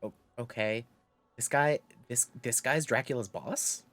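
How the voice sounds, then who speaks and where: A man streaming a game, chatting casually and joking in an excitable way. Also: medium pitch, unhurried, dry recording. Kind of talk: casual gameplay chat.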